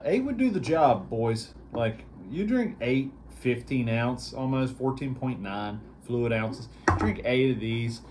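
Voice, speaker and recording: A male beer reviewer hosting his show talks with a medium-pitched voice over slight background noise. His relaxed vlog review rambles easily and is packed with fillers.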